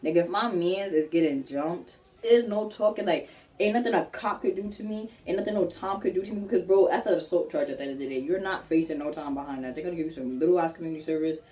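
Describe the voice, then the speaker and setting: Animated young woman telling a story. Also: lowish voice, fast talker, recorded from a distance. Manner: animated, slangy, acts out quotes. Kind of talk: storytime vlog.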